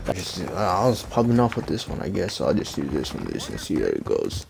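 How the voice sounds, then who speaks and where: A man's voice: deep voice, huge pitch swings, fairly quick, gravelly, hardly any pauses, over music. A young man giving profane, trash-talking commentary while playing a shooter game. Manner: swears constantly, trash-talks opponents. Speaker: gaming streamer. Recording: loud gunfire game audio behind.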